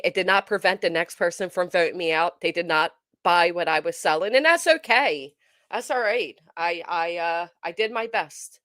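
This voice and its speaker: A woman hosting a casual livestream, chatting to viewers in an animated, emphatic way with a forceful edge. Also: fairly low pitch, dry recording, studio quality. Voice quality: tends to sound forceful, described as angry. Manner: animated, emphatic, talks straight to chat. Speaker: livestream host.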